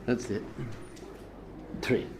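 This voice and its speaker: A man's voice: very slow, noisy background. A man, a rabbi, giving a spiritual lesson with a story, talking animatedly and repeating key points for emphasis.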